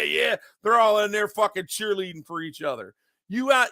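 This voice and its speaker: A man's voice: sits high, pushed and bright, dry recording, studio quality. A man ranting in an unscripted monologue, agitated and profane, often repeating himself. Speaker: online commentator.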